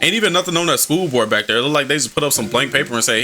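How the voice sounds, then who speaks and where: A man's voice: mid-range voice, expressive, very fast, bright, forceful tone, faint music behind. A man giving profane, slang-filled, joking commentary while playing a visual novel game. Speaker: gaming video host. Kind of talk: comedic let's-play commentary.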